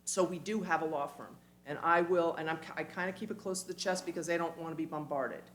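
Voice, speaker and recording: Woman speaker, lowish voice, animated and emphatic, faint hum behind. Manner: animated, emphatic, quick asides. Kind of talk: community talk. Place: church hall.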